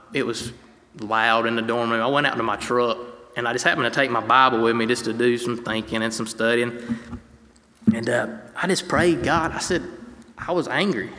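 Young man from North Carolina, mid-pitched, earnest testimony speaker reading scripture to a congregation; long hall reverb. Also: a bit bright. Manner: earnest, conversational, reads scripture aloud. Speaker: speaker giving a faith testimony.

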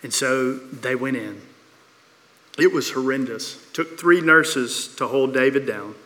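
A man preaching a sermon, telling a story with repeated phrases and dramatic pauses. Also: medium pitch, bright, forceful tone. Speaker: pastor. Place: church sanctuary. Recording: long reverb of a church hall.

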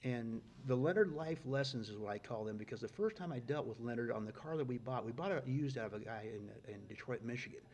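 A middle-aged man telling stories in a casual, folksy way, getting loud and excited at the punchlines. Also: mid-range voice, quick pace, hardly any pauses, a little hiss or hum. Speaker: guest storyteller. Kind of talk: casual storytelling.

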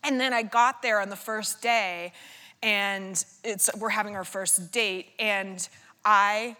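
A woman guest author in a live onstage conversation, telling rambling, self-deprecating stories full of quick imitations. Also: medium pitch, fairly even intonation, sharp tone, long reverb tail. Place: theater stage before a live audience.

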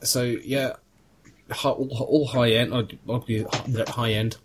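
A man's voice: medium pitch, little pitch movement, slow, a little hiss or hum. A man hosting a casual podcast chat, rambling and joking with plenty of fillers and restarts over a video call. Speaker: podcast host.

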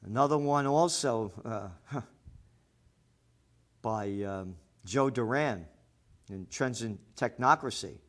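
A man hosting a commentary show, ranting sarcastically with lots of profanity, swinging between shouting and muttering. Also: mid-range voice, slow pace, long pauses. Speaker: show host.

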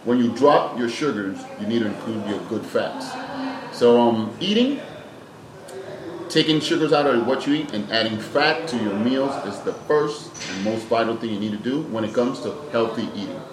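A man's voice: mid-range voice, animated, normal speed, a crowd in the background. A man, a fitness trainer and nutrition coach, answering interview questions in a plain-spoken, emphatic way and often repeating words as he thinks. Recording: echoey room with background noise.

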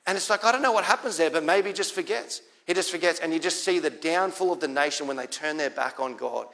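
A man's voice: on the high side, quick pace, vocal fry, fairly bright tone. A man with an Australian accent preaching a sermon as pastor, in a conversational way, repeating key lines for emphasis.

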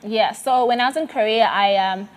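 A South African woman with a fairly high-pitched voice shares a personal faith testimony in conversation. She speaks earnestly but haltingly, with many fillers and restarts.

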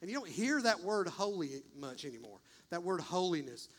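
A man preaching a sermon as pastor, impassioned and emphatic, swinging between quick bursts and slow, stressed words. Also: high-pitched, very animated. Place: church, streamed online.

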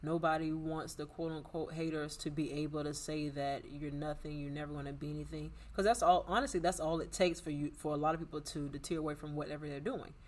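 A man's voice: fairly high pitch, steady tone, a little fast, hardly any pauses. A man talking in an earnest, reflective way during a casual conversation about struggle and success.

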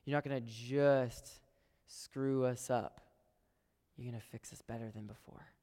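A male pastor delivering a sermon, his voice at a middling pitch for a man. He leans into some lines loudly, then drops to hushed, almost whispered phrases. The room rings with a long hall reverb. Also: fairly even intonation, measured pace. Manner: swings from loud emphatic lines to hushed whispers; addresses the congregation as "guys".

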